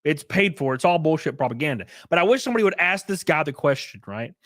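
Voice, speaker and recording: Male streamer, ranting, sarcastic, lively pitch, dry close mic. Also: fast talker, no echo. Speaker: streamer host. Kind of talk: casual commentary.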